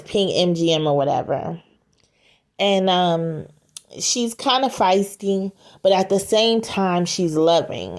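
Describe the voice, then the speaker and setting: A woman casually retelling a story scene aloud, halting, with frequent fillers and restarts. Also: lowish voice, a little mellow.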